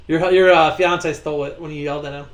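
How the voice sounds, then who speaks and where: A man running a tabletop game as game master, relaxed and joking while he walks the players through the rules. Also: on the high side.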